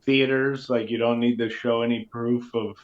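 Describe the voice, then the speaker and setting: A male co-host of a casual comedy chat who jumps in with teasing remarks. His voice is mid-pitched. The sound is dull and lo-fi. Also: little pitch movement, normal speed. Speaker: podcast co-host.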